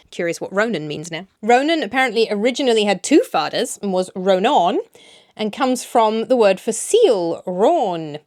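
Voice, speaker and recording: A woman's voice: medium pitch, a little mellow. A woman talking to camera on a lapel mic, explaining things in a chatty, digressive way and laughing at herself. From Ireland. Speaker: language vlogger. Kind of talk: casual explanatory talk to camera. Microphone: clip-on lapel mic.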